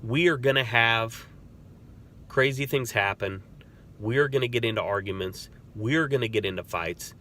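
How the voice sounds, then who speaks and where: Earnest bright-voiced man giving advice. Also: lowish voice, slight background noise. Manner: earnest, conversational, storytelling. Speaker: corrections officer and crisis negotiator. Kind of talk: casual advice talk with stories.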